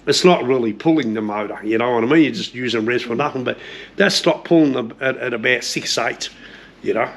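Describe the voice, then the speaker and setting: A man's voice: medium pitch, fairly quick. A middle-aged man with an Australian accent, chatting casually about cars, swearing freely and often repeating himself. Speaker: car restorer showing his shed. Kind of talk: casual chat. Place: home shed.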